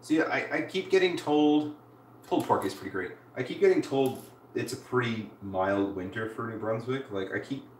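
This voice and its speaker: Deep-voiced woman chatting on a stream. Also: expressive, normal speed, darkish tone. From Canada. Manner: chatty, answers viewers while building. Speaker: live streamer. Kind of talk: casual live-stream chat. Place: home room. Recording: roomy, distant mic with faint hiss.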